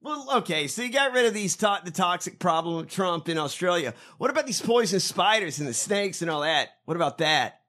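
A man co-hosting a casual commentary chat with a high, bright voice. His pitch swings widely as he jokes, swears freely and mocks the news. He laughs often. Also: animated, a little fast, few pauses. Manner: profane, mocking, laughs often. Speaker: co-host.

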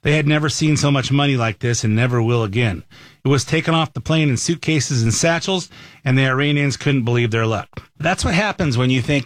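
A man's voice: mid-range voice, a little fast, dry recording. A man hosting a talk show, giving conversational, opinionated commentary into a studio mic.

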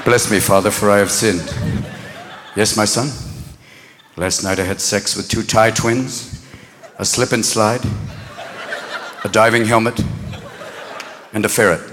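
A man voicing a lecherous old priest and his confessing parishioner in a low, slow murmur. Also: fairly even intonation, natural voice. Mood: sleazy. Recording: live hall recording with crowd noise.

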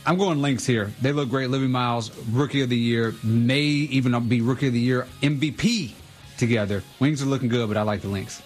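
A man's voice: medium pitch, fairly quick, faint music behind. A man as a studio guest on a sports radio show, making picks in an easygoing, amused way. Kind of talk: casual sports betting chat.

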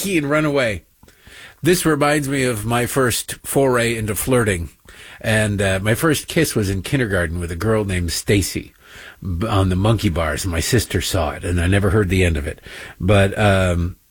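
Husky sarcastic male talk show host. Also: on the low side, no room sound. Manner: sarcastic, rambling, mocking asides. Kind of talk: opinionated talk show monologue.

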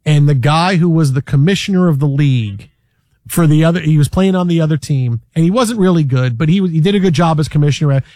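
Guy sports host, highish voice, gets loud and excited telling stories, dry sound. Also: fast, no echo. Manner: animated storyteller, acts out quotes, shouts when excited. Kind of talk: casual sports talk.

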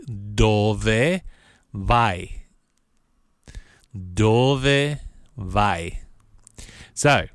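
Male language teacher, unhurried, repeats every phrase, dry studio voice. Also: on the low side, a bit bright, clear, resonant tone, no echo. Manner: models phrases slowly and repeats them. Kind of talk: slow, repeated language lesson.

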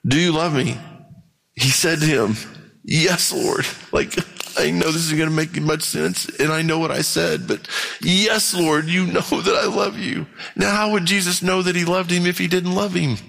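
A pastor preaching a sermon in a conversational way, often growing impassioned. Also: male voice, a little high, moderate pace, vocal fry, fairly bright tone. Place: church. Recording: long reverb of a church hall.

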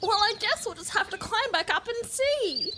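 A woman's voice: extremely high pitch, lively intonation, normal speed, background noise, voice pushed up. A woman voicing a fussy mama koala with a whiny, cooing voice, reading a storybook. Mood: whining.

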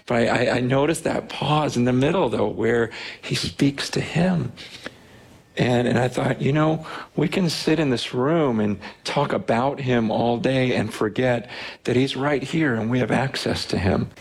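A man preaching a sermon, reading a psalm slowly and then speaking with rising animated intensity and many restarts. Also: fairly high pitch. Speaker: pastor. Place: church service.

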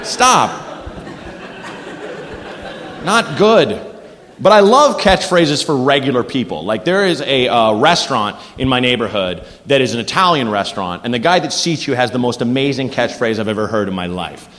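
Animated male stand-up comedian in a club. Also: medium pitch, brisk. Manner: animated, jumps into silly character voices. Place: comedy club stage, live audience. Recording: live club with reverb and background noise.

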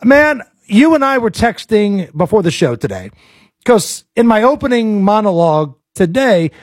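Man, American accent, talk show host, blunt and animated, high voice. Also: dry recording, clean studio sound. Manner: blunt and animated, quick bursts of opinion. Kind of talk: casual political talk.

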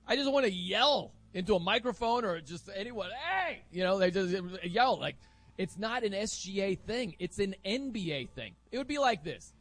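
High-voiced, energetic male sports radio host. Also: normal speed. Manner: energetic, emphatic, opinionated. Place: radio studio.

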